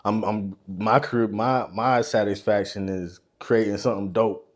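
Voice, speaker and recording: A man's voice: on the low side, steady tone, normal speed. A man guest in a casual interview chat, easygoing and slangy, often laughing as he talks. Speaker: guest, videographer.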